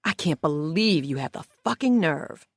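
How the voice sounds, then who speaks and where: A woman's voice: sits low, animated, measured pace, dry recording, studio quality, full character voice. A woman voicing a young woman jailed for life, angry and raised as she pleads and accuses.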